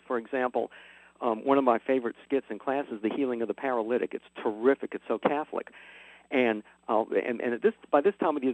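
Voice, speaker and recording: A man, a catechism teacher telling classroom stories as a radio guest, quick and animated. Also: medium pitch, dry recording, phone-quality sound. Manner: fast, animated retelling, jumping into dialogue. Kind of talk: radio interview guest, storytelling.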